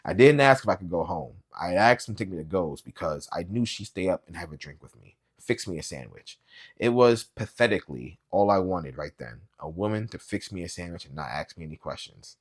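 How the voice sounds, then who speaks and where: A man reading a novel aloud as a booktube reader, with quiet, low-key, even narration. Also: fairly quick.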